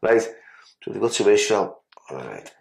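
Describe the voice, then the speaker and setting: Man, slightly low voice, podcast guest, casual storytelling, blunt, sweary, stammering restarts. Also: very animated, unhurried, creaky, darkish tone.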